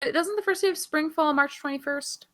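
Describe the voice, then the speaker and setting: A woman's voice: high-pitched, quick pace, sharp tone. A young woman co-hosting a wrestling podcast, casual, playful and sarcastic, swearing freely. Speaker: podcast co-host. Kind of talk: casual chat.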